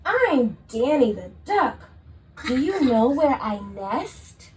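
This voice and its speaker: A woman voicing a friendly duck in a picture book, reading in a slow sing-song way for a toddler. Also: high voice, very animated, a little mellow, distant mic, slight background noise, voice pushed up, heavily acted.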